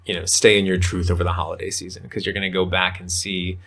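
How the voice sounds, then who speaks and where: Low, flat, gravelly-voiced man chatting. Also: quick pace. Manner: rambling, leans on fillers like "like" and "um". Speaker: podcast guest, men's coach. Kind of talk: casual conversational chat.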